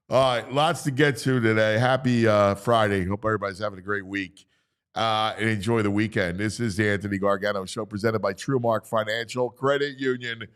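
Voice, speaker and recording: A man's voice: medium pitch, normal speed, fairly bright tone. Chatty, laughing male sports talk host. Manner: loose, chatty, laughs often. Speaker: radio show host. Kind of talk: casual sports talk show.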